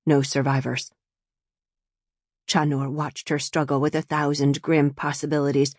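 A woman narrating a science-fiction audiobook in measured, even storytelling, recorded close in a studio. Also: very deep voice, breathy edge, dry recording. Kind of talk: scripted narration.

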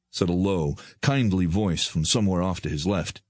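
Give me a male audiobook narrator with a very low voice, reading in an even, measured way. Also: no room sound, clean studio sound. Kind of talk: scripted narration.

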